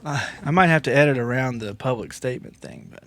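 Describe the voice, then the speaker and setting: A man co-hosting a podcast, talking in an emphatic, teasing, animated way. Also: medium pitch, fast. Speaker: podcast co-host. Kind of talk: casual podcast chat.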